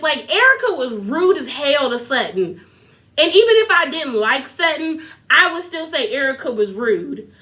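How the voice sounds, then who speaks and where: A young woman giving a casual, animated recap of a reality TV episode, sassy and quick to laugh. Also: sits high. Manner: animated, sassy, laughs often, quotes others in put-on voices.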